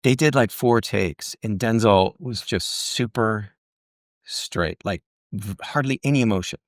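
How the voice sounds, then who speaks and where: A middle-aged actor, guesting on a casual interview, animatedly recounts stories from his career and performs the voices of the people he quotes. His pitch is fairly low and his delivery unhurried. The studio-quality recording has no room sound.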